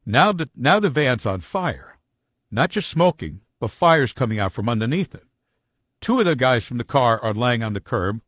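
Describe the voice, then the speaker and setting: Animated man telling a blunt story. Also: mid-range voice, moderate pace, dry recording, studio quality. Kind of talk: casual spoken storytelling.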